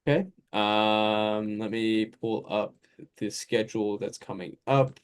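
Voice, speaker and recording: A man's voice: fairly low pitch, fairly even intonation, slow pace, smooth. Rambling, easygoing man hosting a podcast. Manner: rambling, loose and conversational, drifting through lists and asides. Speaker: podcast host. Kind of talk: casual sports podcast chat.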